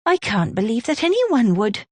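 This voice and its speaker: A woman voicing a composed, eerie baker's widow who speaks softly in a gentle Gloucestershire accent. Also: fairly high pitch, very animated, moderate pace, slightly rough, dry recording, pitched above the performer's own voice. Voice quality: gentle, soft-spoken.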